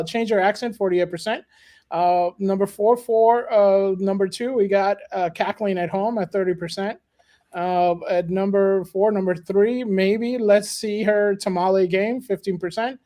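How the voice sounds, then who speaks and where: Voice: mid-range voice, measured pace. Podcast cohost reading stuff out, lots of uhs, laid back. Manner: relaxed, hesitant with many uhs. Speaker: podcast co-host. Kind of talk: casual chat.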